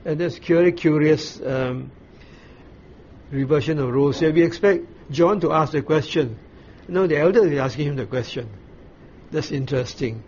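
A man giving a Bible study, explaining scripture in a measured way with frequent pauses and restarts. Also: a little high, a little mellow. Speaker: Bible teacher. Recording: slightly dull recording with faint ambient noise.

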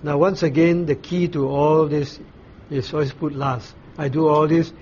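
A man preaching a sermon, explaining scripture slowly, pausing often and asking his listeners questions. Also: a little high, fairly even intonation, a little mellow, lo-fi sound, a little hiss or hum. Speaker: pastor. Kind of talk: sermon, Bible teaching.

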